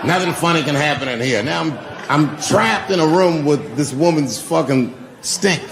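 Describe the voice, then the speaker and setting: A man's voice: fairly high pitch, expressive, normal speed, crowd noise, noisy background. A man doing a stand-up set at a comedy club, telling stories in a laid-back, profane way. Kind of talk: stand-up set with crowd work.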